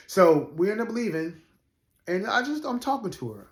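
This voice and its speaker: A man's voice: high-pitched, very animated, normal speed. A man in his forties, a rideshare driver, telling a personal story in a casual, earnest way, with many fillers and restarts. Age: 40s. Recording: roomy echo.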